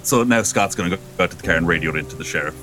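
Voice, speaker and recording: A man's voice: deep voice, very fast, background noise. Casual man playing a tabletop game. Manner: casual, self-deprecating. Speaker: player.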